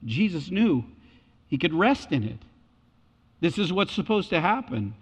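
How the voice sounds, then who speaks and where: Dramatic high-voiced male preacher. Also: very animated, unhurried, slightly rough. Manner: dramatic, acts out biblical voices. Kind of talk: sermon. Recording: echoey hall, dull lo-fi sound.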